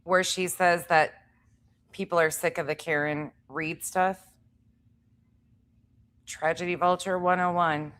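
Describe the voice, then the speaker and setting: A woman's voice: lowish voice, fairly even intonation, takes it slowly, long pauses, a bit bright. A woman commenting on a stream with sarcastic, dismissive asides to her viewers. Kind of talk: casual reaction commentary.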